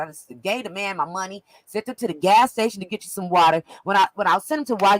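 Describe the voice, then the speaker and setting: Woman, casual gossip, lively storyteller, dry close sound. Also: medium pitch, quick pace, few pauses, no echo, rough recording. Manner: animated storyteller, laughs often, acts out quotes. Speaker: co-host recapping an event.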